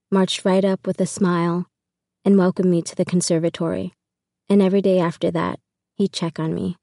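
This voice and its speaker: A woman narrates a first-person audiobook in an even, intimate way. Her voice sits low and mellow, and the recording is close and dry, with no room around it. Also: no room sound.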